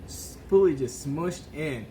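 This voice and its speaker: A man's voice: on the high side, lively intonation, normal speed, warm tone, slight background noise, poor audio. A man co-hosting a podcast, telling a drinking story in casual chat, swearing freely and laughing as he goes. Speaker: podcast co-host.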